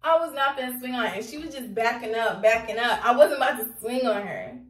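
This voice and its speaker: A young woman telling a casual storytime, animated and slangy, laughing as she talks. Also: fairly high pitch, a little fast, far from the mic. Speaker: vlogger. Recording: roomy echo, off-mic.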